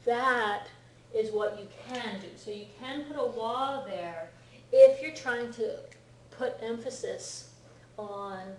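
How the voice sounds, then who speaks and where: A middle-aged woman teaches a class in a patient, explanatory way, often pausing to ask whether her students follow. Her voice sits at an ordinary pitch for a woman. It comes from across a reverberant classroom, with faint room noise behind it. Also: darkish tone, distant mic. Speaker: Japanese language teacher. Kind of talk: classroom lecture. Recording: echoey classroom recorded from afar.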